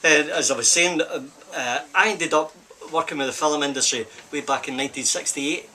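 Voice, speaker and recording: Older scottish guy rambling thru an old story, bright sharp voice, bit of faint noise behind. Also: fairly high pitch, moderate pace. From Scotland. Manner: rambling anecdotal storytelling with repeated "I says". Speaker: film stuntman. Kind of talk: casual storytelling interview. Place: film set during a break.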